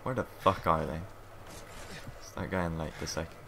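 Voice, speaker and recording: A man's voice: extremely low pitch, steady tone, normal speed. A man doing live gameplay commentary, frustrated and swearing as he plays. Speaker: gamer. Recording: game noise clearly behind.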